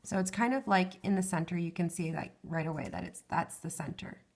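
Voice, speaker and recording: Speaking fairly quickly in a lowish voice, a craft tutorial host guides viewers one step at a time, counting every stitch. Her voice is tired and wearing thin, nearly gone as she loses it.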